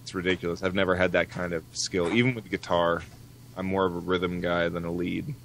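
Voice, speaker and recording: A man with a lowish voice co-hosts a podcast with profane, wisecracking banter. He rambles through his stories in a loose, unscripted way. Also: level tone, a little fast, gravelly, a bit bright, a little hiss or hum. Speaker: podcast co-host.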